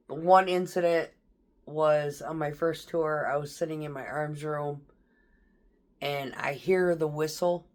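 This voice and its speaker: A woman military veteran telling stories from her tours in a blunt, profane, casual way, laughing through tense memories. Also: deep voice. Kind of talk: casual storytelling.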